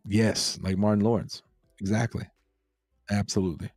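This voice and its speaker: A relaxed man chats through a livestream in a low, mellow voice. He rambles easily, repeats his phrases and greets viewers from the chat. The sound is dry and close. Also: normal speed, breathy edge, no echo, faint music behind. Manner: laid-back, repeats himself, reads chat aloud. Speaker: crypto livestream host.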